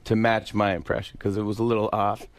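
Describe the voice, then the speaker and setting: A man who is a comedian guest, telling animated stories in casual interview chat. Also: fairly low pitch, quick pace, clean tone, dry recording. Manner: animated storyteller, slips into loud impressions.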